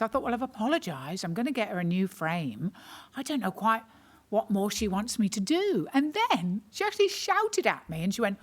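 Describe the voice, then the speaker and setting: A woman's voice: mid-range voice, very animated, fairly quick. A woman comedian hosting an online awards ceremony, telling self-mocking stories with dry humour before reading out nominees. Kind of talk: stand-up anecdote and award hosting.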